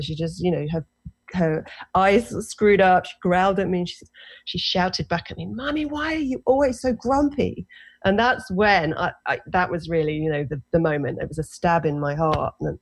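A woman in her forties with an English accent, telling her own story as a guest in a casual interview, animated and self-deprecating. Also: sits low, gravelly. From England. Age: 40s. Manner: animated, self-deprecating, lots of fillers and restarts.

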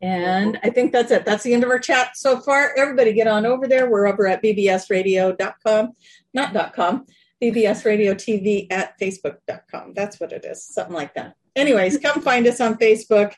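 A woman's voice: medium pitch, brisk, poor audio. A woman co-hosting a casual online show from her bedroom, chatty and laughing, often sidetracked by tech trouble. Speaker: co-host. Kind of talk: casual video-call chat.

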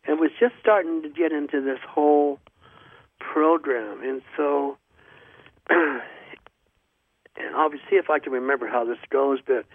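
A man's voice: fairly high pitch, no echo. Man telling a story over a tinny line. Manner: rambling, halting with many ums and restarts. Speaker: radio show host. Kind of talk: casual storytelling monologue. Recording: dry, tinny phone-like radio sound.

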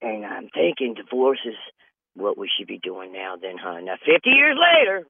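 A man's voice: on the low side, wildly swooping pitch, normal speed, breathy edge, no room sound. A man hosting a comedy show, talking through a rambling comedic monologue from a closet over the phone and laughing at his own jokes. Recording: tinny phone line, dry small space.

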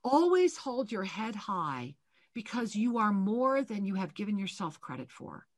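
A woman co-hosting a live spiritual call-in radio show, giving slow, soothing readings to callers. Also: mid-range voice, big pitch swings, no echo. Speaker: co-host, spiritual teacher.

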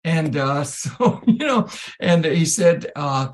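Middle-aged man, high voice, animated anecdote teller, laughs often. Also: takes it slowly, low-quality recording. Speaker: storyteller on a talk show. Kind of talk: casual storytelling.

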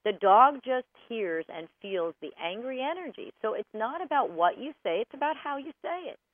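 A woman hosts a radio advice show from a studio, and her voice moves a lot, rising and falling as she presses her points. She sits a little high and talks right at the listeners. The sound is dry and squeezed thin, like it is coming down a phone line. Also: normal speed, slight background noise. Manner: animated, emphatic, addresses listeners directly. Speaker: radio show host and dog trainer. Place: broadcast studio.

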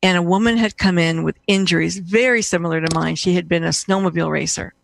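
A woman's voice: fairly low pitch, steady tone, fast, creaky, a little hiss or hum. A middle-aged woman, a guest in conversation, telling a personal story in a rambling way with many restarts and fillers.

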